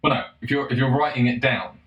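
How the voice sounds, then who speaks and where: A man in a casual monologue, profane and sarcastic, breaking into mocking shouts. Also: mid-range voice, fast, muffled recording. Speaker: solo commentator. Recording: roomy echo.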